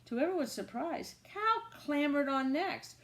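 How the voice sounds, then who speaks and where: A woman reading a children's picture book aloud, animated, with asides to young listeners. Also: high-pitched, measured pace. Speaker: reader.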